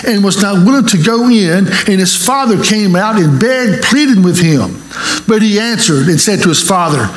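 Man, pastor, sermon, animated, questions to the pews, high voice, echoey hall. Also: measured pace. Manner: animated, asks the congregation questions.

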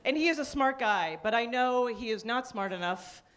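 A woman from Canada performing a stand-up comedy set on a club stage, dry and deadpan, with sudden high-pitched bursts. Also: normal speed, slight background noise. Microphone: handheld stage mic. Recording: live club recording with audience laughter. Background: audience laughter.

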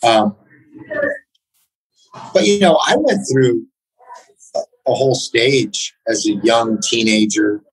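A man being interviewed on a podcast, telling stories in a halting, reflective way. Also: medium pitch, expressive, slightly rough, no echo, rough recording. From United States. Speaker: podcast guest, jiu-jitsu black belt. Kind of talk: casual interview, storytelling.

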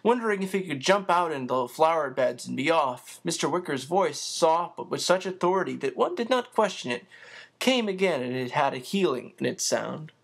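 Storybook narrator reading aloud, voice goes up and down a lot, expressive. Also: mid-range voice, moderate pace, gravelly, slightly rough. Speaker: audiobook reader.

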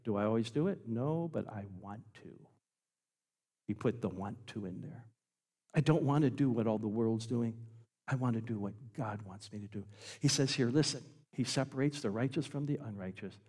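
A man preaching a sermon as pastor, emphatic, swinging between loud passages and quiet ones. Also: medium pitch, normal speed, long reverb tail. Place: church sanctuary.

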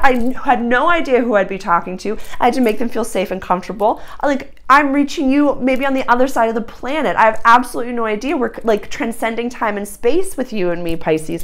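A woman giving a casual astrology reading to camera, talking effusively in bursts full of "like", laughing often and jumping up into high excited tones.

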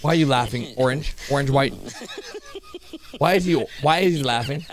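A man hosting a video channel, giving excited play-by-play commentary on cartoons and breaking into sudden high-pitched shouts. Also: fairly quick, crowd noise. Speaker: YouTube host reacting to cartoons. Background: background music.

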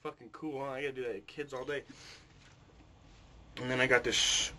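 A man's voice: mid-range voice, little pitch movement, moderate pace, crowd noise. A young man delivering a comic monologue to camera, crude, boastful and swearing constantly with a smug slacker drawl. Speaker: comedy vlogger in character.

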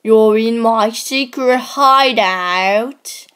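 A woman's voice: fairly high pitch, very slow, a bit bright, clean tone. A woman as a giggly unhinged kidnapper pet. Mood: sly. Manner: shrieks a name over and over, giggling. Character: creepy playful female kidnapper pet, unhinged. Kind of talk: homemade toy-movie voice acting.

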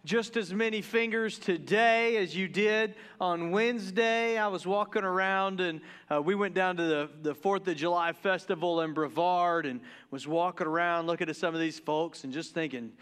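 A man from the Deep South, preaching a casual, joking sermon to his church and tripping over his words in his excitement. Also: normal speed, smooth. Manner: joking, excitable, stumbles and restarts. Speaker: pastor. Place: church sanctuary.

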